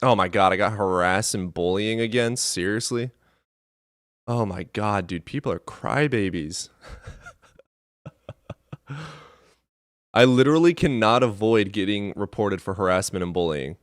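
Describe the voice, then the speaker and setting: A man's voice: on the low side, unhurried, long pauses, no echo, clean studio sound. Blunt, profane man hosting a debate stream. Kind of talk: casual live-stream commentary.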